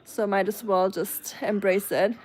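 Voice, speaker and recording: A woman's voice: medium pitch, steady tone, unhurried, a little hiss or hum. A woman from Germany with a German accent, chatting casually on a live stream and answering her chat's comments.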